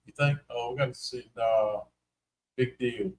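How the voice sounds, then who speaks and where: A man's voice: medium pitch, steady tone, measured pace. Southern man, North Carolina drawl, chatty co-host, folksy and teasing on a live stream. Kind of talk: casual live stream chat.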